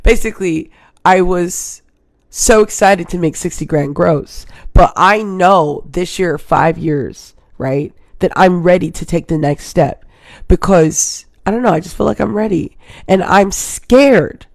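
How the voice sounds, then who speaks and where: A woman's voice: on the low side, a little slow, creaky, no echo, clean studio sound. A woman in her thirties from Hawaii, hosting a casual live stream and rambling to her viewers. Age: 30s. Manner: rambling, chatty, keeps addressing viewers.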